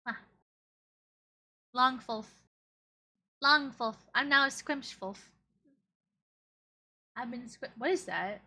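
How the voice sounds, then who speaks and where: A woman's voice: high-pitched, slow, long pauses, bright, forceful tone. A young woman streamer chatting casually as she reacts to old clips, giggling often and using playful baby talk.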